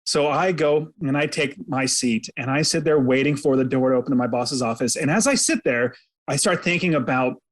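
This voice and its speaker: A man's voice: mid-range voice, a little fast. A man telling a personal story as a podcast guest, earnest and dramatic, recounting it vividly in the present tense. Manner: earnest, faith-inflected. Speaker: podcast guest, real estate investor.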